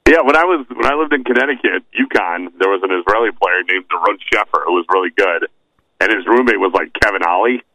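A man co-hosting a podcast in casual comedy chat, relaxed and storytelling, often repeating words as he starts a thought. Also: deep voice, fast talker, no echo, low-quality recording. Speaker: podcast co-host.

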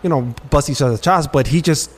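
Male podcast host with a slightly raised pitch; candid, rambling storyteller with frequent restarts. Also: quick pace. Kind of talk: casual chat.

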